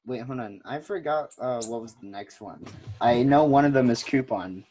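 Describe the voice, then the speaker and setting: A man's voice: mid-range voice, normal speed, mellow. A young man co-hosting a podcast in casual chat, giggly and rambling with lots of fillers. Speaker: podcast co-host.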